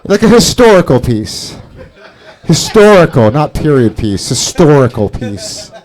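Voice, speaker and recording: A man's voice: fairly high pitch, big pitch swings, unhurried, a little mellow. A man doing open mic stand-up, rambling and profane, laughing at his own jokes. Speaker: stand-up comedian. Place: comedy club stage.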